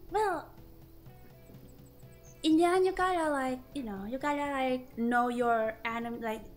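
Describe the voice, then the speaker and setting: Playful high-voiced woman streaming a game. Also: a little mellow. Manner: playful, rambling, self-mocking. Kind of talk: casual game-stream chat.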